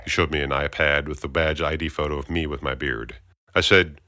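A man's voice: very deep voice, fairly quick, sharp tone, no room sound, clean studio sound. A man narrating a first-person heist story, breaking into wry, self-mocking asides to himself.

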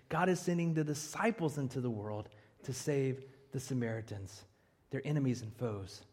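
A man preaching a sermon as a pastor, animated and slipping in jokes between his points. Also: mid-range voice. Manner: animated preaching with joking asides. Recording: long reverb of a hall.

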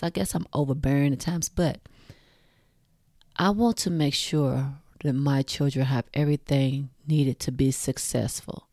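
Blunt, low-voiced woman talking straight to listeners. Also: warm tone, no echo, studio quality. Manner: frank, blunt, swears freely, addresses listeners directly; laughs at her own jokes. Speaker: podcast host. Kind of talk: casual talk to listeners.

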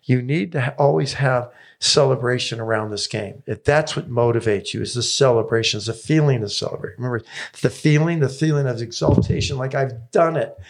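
A man's voice: mid-range voice, a little fast, gravelly. A man in his seventies, a tennis coach telling stories as a podcast guest, enthusiastic and repeating phrases for emphasis. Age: 70s.

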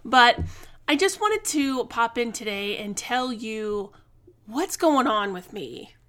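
A woman's voice: fairly high pitch, expressive, slow pace, fairly bright tone. A woman in her forties hosting a casual solo podcast, talking candidly and chattily, venting her frustration and swearing freely. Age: 40s. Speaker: podcast host.

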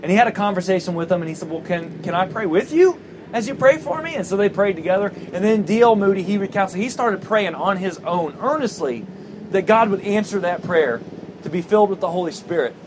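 Animated high-voiced male pastor preaching. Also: a little fast, background noise. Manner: animated storytelling, acting out quoted voices. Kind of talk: sermon.

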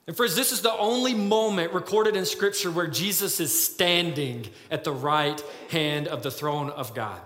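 A man's voice: fairly high pitch, lively intonation, a little slow, fairly bright tone. A man preaching a sermon as a pastor, earnest and pleading, often restarting with fillers. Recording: echoey hall.

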